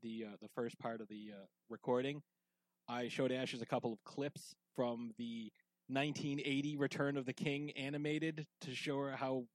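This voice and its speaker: A man co-hosts a casual podcast in a mid-pitched voice, rambling along with plenty of fillers and restarts. He has a whiskey in hand as he talks. The sound is dry and close, with no room echo. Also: level tone, normal speed. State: drinking whiskey while talking. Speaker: podcast co-host.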